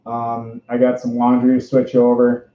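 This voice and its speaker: A man in his twenties with a Minnesota accent, hosting a casual livestream interview. He talks from inside a costume suit, rambling, bubbly and quick to laugh. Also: mid-range voice, monotone, a little hiss or hum. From Minnesota, USA. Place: indoors, speaking from inside a fursuit. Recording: roomy, dull lo-fi stream audio.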